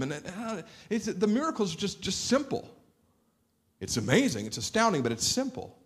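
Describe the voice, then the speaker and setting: A man's voice: sits high, huge pitch swings, moderate pace. A man pastor preaching a sermon, earnest and explanatory, often repeating words as he builds a point.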